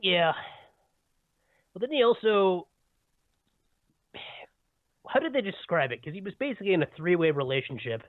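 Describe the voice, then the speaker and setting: A high-pitched man co-hosts a casual podcast from home, speaking animatedly at a moderate pace with frequent pauses. He rambles, cuts himself off, and chuckles often. The audio is dry and tinny, like a phone, with no echo.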